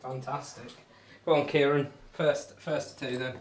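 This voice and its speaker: At a measured pace and with fairly even intonation, a young man's mid-range voice comes through slight background noise. He's a darts livestreamer who rambles casually, jokes about himself, and reads out and replies to chat.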